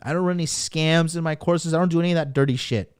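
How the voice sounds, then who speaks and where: A man's voice: on the high side, fast, smooth, no echo, studio quality. A man hosting a podcast, giving a profane, emphatic motivational rant that hammers the same points over and over. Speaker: podcast host and dating coach.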